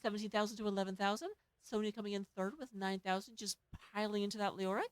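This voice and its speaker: A woman with a Southern US accent casting an esports match, rattling off stats and filling pauses. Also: medium pitch, level tone, clear, resonant tone, dry recording. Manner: rapid, filling dead air with stats. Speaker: esports caster. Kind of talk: play-by-play esports commentary.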